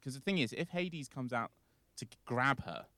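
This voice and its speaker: A man's voice: medium pitch, lively intonation, normal speed, pushed and bright, no room sound. Rambling male storyteller, dry sound. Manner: rambling, filler-heavy retelling. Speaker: podcast guest storyteller. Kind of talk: casual storytelling.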